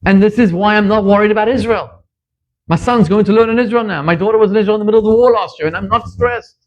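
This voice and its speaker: A middle-aged man from Zimbabwe, a rabbi giving a sermon and telling stories, his voice climbing sharply whenever he stresses a point. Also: fast. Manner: animated storyteller, pitch leaping up for emphasis. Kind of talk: sermon with storytelling. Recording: dull lo-fi recording.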